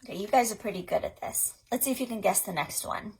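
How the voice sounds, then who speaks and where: A young woman, a children's librarian, chatting through rhymes and games for little kids at home, chatty and clear in her explanations. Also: medium pitch, background noise. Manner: chatty, explains activities then sings rhymes slowly. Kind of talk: online storytime for toddlers. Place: indoors at home.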